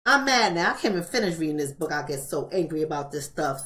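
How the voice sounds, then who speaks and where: A woman's voice: low voice, animated, fast, fairly bright tone. A woman hosting a live-streamed book club, talking bluntly and emphatically and repeating rhetorical questions.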